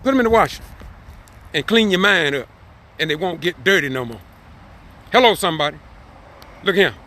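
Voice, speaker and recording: A man preaching an impassioned message, repeating phrases and swelling into shouted cries. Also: on the high side, animated, moderate pace. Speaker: street preacher.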